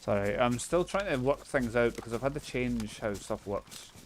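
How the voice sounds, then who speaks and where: A man's voice: mid-range voice, animated, moderate pace, a little hiss or hum. A Scottish man live streaming a game, chatting casually and swearing freely as he thanks viewers. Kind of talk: casual gameplay chat.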